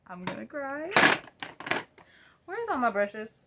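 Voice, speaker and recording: A woman's voice: a little high, very animated, slow, very noisy. A young woman, chatting and rambling casually while doing her makeup at home, filmed on a phone. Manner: chatty, rambling, self-deprecating. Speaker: vlogger. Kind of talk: casual get-ready-with-me chat. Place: at home by a mirror.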